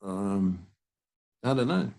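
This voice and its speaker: His voice is low, creaky and darkish, slow yet animated: an older Australian musician rambling through anecdotes on a casual podcast. He restarts himself again and again.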